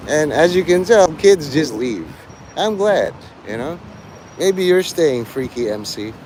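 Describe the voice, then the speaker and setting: A man's voice: on the high side, big pitch swings, measured pace, a little mellow, slight background noise. A man livestreaming, rambling and teasing his chat, breaking into mock-angry, swearing rants.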